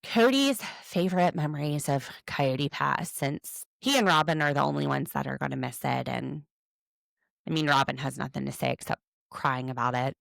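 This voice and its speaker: A woman's voice: extremely low pitch, moderate pace, vocal fry, no room sound. A woman co-hosting a podcast, chatting casually with sarcastic jokes and frequent laughs. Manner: animated, sarcastic, laughs often. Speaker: podcast co-host. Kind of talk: casual recap chat.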